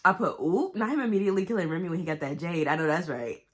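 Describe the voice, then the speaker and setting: Woman book vlogger with a low voice: casual, slangy, and cusses freely with big reactions. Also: very fast. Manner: animated, blunt and profane, with exaggerated reactions; talks to herself and the viewers with slang. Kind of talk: casual book review chat.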